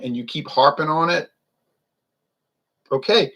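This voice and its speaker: A man's voice: a little high, moderate pace, gravelly, pauses often, a bit bright. A man hosting a beer review video, ranting in a heated, sarcastic way. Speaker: beer review channel host. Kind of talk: casual on-camera rant.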